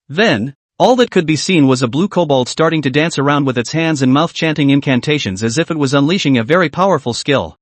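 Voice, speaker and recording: Brief: lively male narrator for a comic story recap, somewhat high voice. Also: fairly quick, hardly any pauses, no echo.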